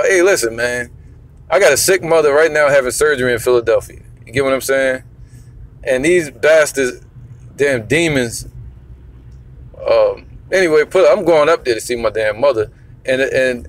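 A man preaching bluntly and emphatically, swearing now and then and reading scripture slowly. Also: mid-range voice.

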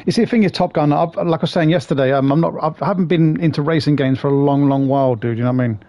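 A man's voice: on the high side, fast talker, dark tone, no room sound. Chatty man streaming games. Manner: chatty, swears, greets viewers by name. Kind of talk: casual live-stream chat.

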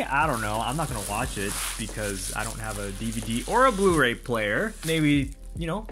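A man casually talking through a toy unboxing, excitable and gushing, often laughing and exclaiming. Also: mid-range voice, noisy background.

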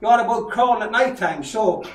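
A man's voice: high-pitched, normal speed, roomy sound, recorded from a distance. A man with an Irish Traveller accent, ranting in a taunting callout video, hurling repeated insults and mocking laughs. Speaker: vlogger issuing a challenge.

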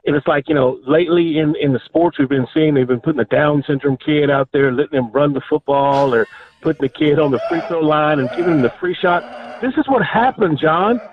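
A man's voice: fairly high pitch, no echo. A man calling into a radio show, scolding the co-host in mock disappointment. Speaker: caller. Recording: dull, dry phone-in line.

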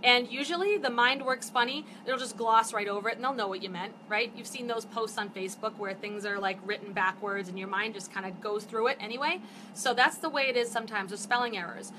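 Her voice is fairly high and a little fast, with noise in the background. She's a network marketing host in her fifties streaming live via phone or webcam, chatting animatedly and casually with her audience and working herself up as she talks.

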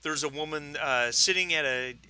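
A man's voice: fairly high pitch, moderate pace, pushed and bright, low-quality recording. A man narrating as game master of a tabletop game, describing scenes with frequent fillers and restarts.

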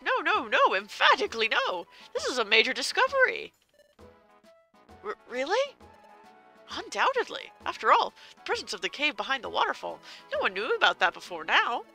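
A woman's voice: high-pitched, huge pitch swings, moderate pace, creaky, pushed and bright, soft background music, full character voice. A woman voicing a fussy, pompous male bird steward from a game, bossy and formal, reading the game's dialogue aloud. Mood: emphatic.

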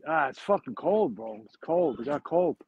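A man rambles through a video call, swearing and talking streetwise about his block. His voice is gravelly with a slightly high pitch. The audio comes through dull and lo-fi. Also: lively intonation, moderate pace. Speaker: caller showing his neighborhood. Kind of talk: casual chat.

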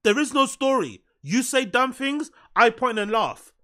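A man's voice: very high voice, sing-song, a little slow, bright, forceful tone. A man with a London accent giving blunt, sarcastic reaction commentary. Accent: London English. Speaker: commentary streamer.

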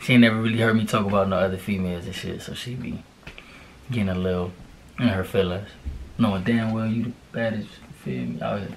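A man's voice: on the low side, brisk, background noise. A young man co-hosting a casual couple challenge video, slangy and profane, coaxing and reassuring his partner. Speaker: vlogger co-host.

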